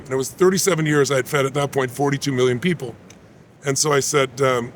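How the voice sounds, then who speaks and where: A man in his sixties, a guest in an interview, telling a personal story in an animated, emphatic way with a gravelly voice. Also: medium pitch, fast, slight background noise.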